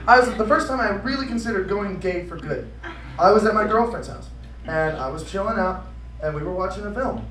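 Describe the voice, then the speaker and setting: A man doing an animated stand-up comedy rant with exaggerated outbursts at an event. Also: high-pitched, a little fast. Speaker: comedic performer. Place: convention event room. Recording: echoey room from far off, noisy.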